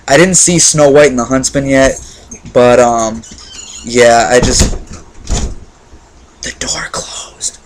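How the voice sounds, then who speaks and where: A man's voice: medium pitch, low-quality recording. A man giving a casual spoken movie review, enthusiastic, rambling with many fillers and restarts.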